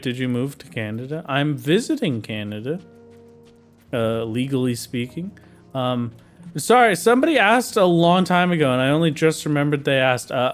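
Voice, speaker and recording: A man chatting casually with viewers while playing a game on a livestream, in a playful, jokey way. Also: fairly high pitch. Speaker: streamer. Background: faint game music.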